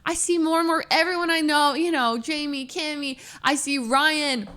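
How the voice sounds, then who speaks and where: A young woman streamer telling a story casually, animated, laughing often and full of fillers. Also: sits high, moderate pace.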